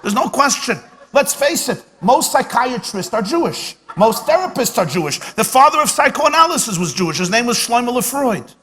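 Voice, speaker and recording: Rabbi guy cracking jokes at a dinner, highish voice, punchy timing, hall echo all over it. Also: sing-song, normal speed, hardly any pauses, fairly bright tone. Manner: punchy comic timing, repeats lines for effect. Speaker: rabbi giving a dinner lecture. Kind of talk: humorous speech with jokes and stories. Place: banquet hall at a dinner event. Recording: live hall recording with long reverb and faint room noise.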